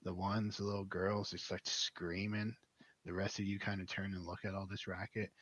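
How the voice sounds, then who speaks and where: A young man running a tabletop game as its dungeon master. His voice sits very low and husky, and he narrates in a relaxed way, stopping often for fillers. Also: normal speed.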